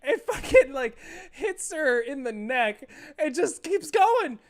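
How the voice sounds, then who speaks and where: A man's voice: extremely high pitch, very animated, slow. A young man streaming a game, chatting in a rambling, profane way and laughing often. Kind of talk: casual gameplay chat.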